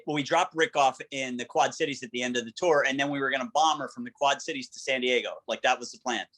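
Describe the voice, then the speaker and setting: A man telling a long, energetic story over a video call, quoting what everyone said along the way. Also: medium pitch, fast talker, poor audio. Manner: energetic, vivid storyteller who quotes dialogue. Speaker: guest. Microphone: video call microphone.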